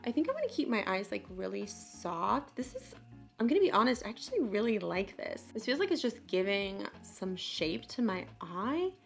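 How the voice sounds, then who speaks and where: Chatty late-twenties woman doing a makeup tutorial, mid pitch, faint music underneath. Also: big pitch swings, normal speed, vocal fry. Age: late 20s. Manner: chatty, bubbly, self-deprecating asides. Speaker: beauty vlogger. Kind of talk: casual makeup tutorial chat.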